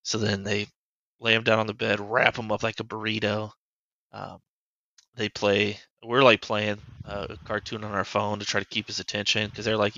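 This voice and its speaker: Speaking at normal speed in a monotone, a man with a lowish, gravelly voice that sounds pushed and bright recounts a story from his life as a dad on his podcast. His telling is loose and rambling, packed with "like." The audio is lo-fi but has no echo.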